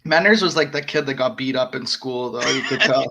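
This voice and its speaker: A man co-hosting a casual podcast, playful and quick to laugh. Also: mid-range voice, gravelly, sharp tone. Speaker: podcast co-host. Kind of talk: casual banter among friends.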